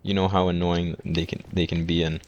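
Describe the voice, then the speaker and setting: A man's voice: low voice, flat delivery, brisk, darkish tone, muffled recording. A young man casually rambling through a storytime vlog, full of restarts and fillers. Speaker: vlogger.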